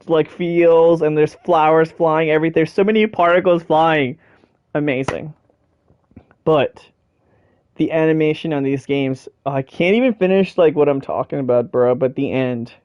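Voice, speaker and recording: A man's voice: fairly high pitch, no room sound. A young man, talking about a game in a passionate, rambling way, full of fillers and swearing. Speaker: video creator. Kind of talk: casual emotional game discussion. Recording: dry, dull lo-fi home recording.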